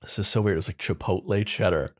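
A man's voice: on the low side, steady tone, fast. A young man co-hosting a podcast, telling a story in a loose, rambling, casual way. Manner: laid-back rambling storyteller. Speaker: podcast co-host. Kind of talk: casual chat.

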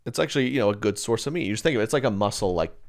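A man's voice: lowish voice, expressive, very fast. A man chatting casually as a podcast co-host, rambling and joking with lots of restarts. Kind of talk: casual chat.

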